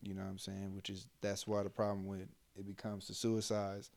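A man's voice: sits low, completely flat delivery, normal speed, a little mellow. A young adult man, a soldier, talking bluntly and heatedly in casual chat, with lots of fillers and swearing. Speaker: army soldier, podcast co-host.

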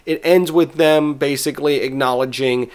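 A man's voice: mid-range voice, fairly even intonation, moderate pace, darkish tone. Chatty man recapping an episode. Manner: rambling, with restarts and acted-out quotes. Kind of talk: casual chat, recapping a TV episode.

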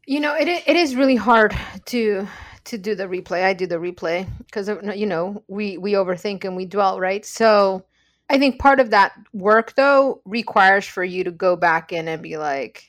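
A woman's voice: medium pitch, normal speed. A woman talking casually and reflectively as a podcast co-host. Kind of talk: casual conversation.

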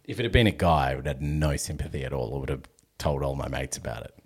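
Casual podcast host, Australian man, very low voice, loose and sweary, laughs through his anecdotes. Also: fast, husky. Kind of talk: casual storytelling chat.

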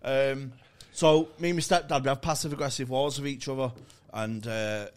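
Hungover co-host, crude and jokey, rambling anecdotes. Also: male voice, mid-range voice, fairly even intonation, normal speed. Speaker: podcast co-host. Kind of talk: casual comedy chat.

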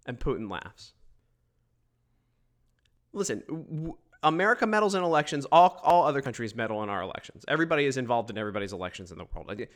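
A man giving opinionated solo political commentary, emphatic and quick to mock others. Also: medium pitch. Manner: emphatic, animated, mocking quoted voices.

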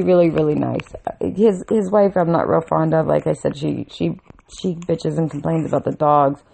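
Woman vlogger, low gravelly voice, rambling, candid storytelling full of restarts. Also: mellow. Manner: blunt, swears freely. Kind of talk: casual storytelling to camera.

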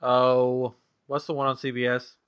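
A man's voice: medium pitch, a little slow, clear, resonant tone. A man in his thirties hosting a casual podcast, telling stories with lots of laughter. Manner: animated, laughing storyteller. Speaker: podcast host.

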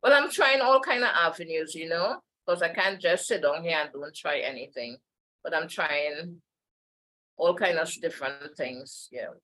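A woman's voice: low voice, normal speed, bright, forceful tone, low-quality recording. A woman, a podcast guest chatting casually in a meandering way and laughing often. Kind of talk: casual interview chat.

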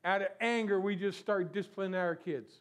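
Man, pastor, high voice, conversational sermon, rhetorical questions. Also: a little fast.

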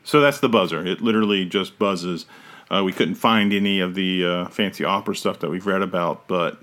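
A man's voice: sits low, a little fast, a bit bright, slight background noise. A man hosting a podcast in casual chat, rambling and often correcting himself mid-sentence. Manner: rambling, self-correcting, trails off. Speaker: podcast host.

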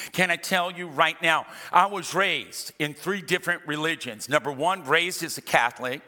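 Preaching as pastor, a middle-aged man with a fairly high, pushed and bright voice delivers an emphatic, repetitive sermon sprinkled with humorous asides. The sound carries the long reverb of a big hall.

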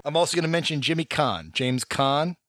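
A man co-hosting a casual movie podcast, animated and quick to laugh as he lists films. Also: fairly high pitch, music in the background. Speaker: podcast co-host.

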